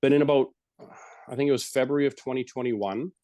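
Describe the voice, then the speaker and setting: A middle-aged man leads a calm breathing exercise, then tells his story frankly and casually, sometimes swearing. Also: mid-range voice, fast, no echo. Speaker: retired police officer and yoga teacher, guest speaker. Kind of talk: guided breathing, then candid personal story.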